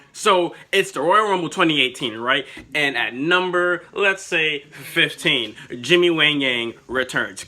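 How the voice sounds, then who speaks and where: A young man vlogging in a casual, excitable and profane way, rambling as he spins made-up storylines. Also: medium pitch. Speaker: wrestling vlogger. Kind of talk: casual chat.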